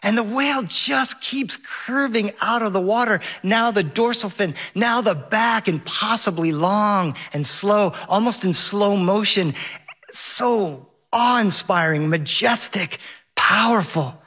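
A man telling a lively personal story on stage, vivid and laughing along the way. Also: high voice, slow.

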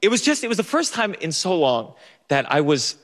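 A man's voice: high-pitched, very animated, moderate pace, fairly bright tone, long reverb tail. A young man telling a funny personal story on stage, stammering through restarts and laughing at himself. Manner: stammering restarts, self-mocking, often laughing. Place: theater stage.

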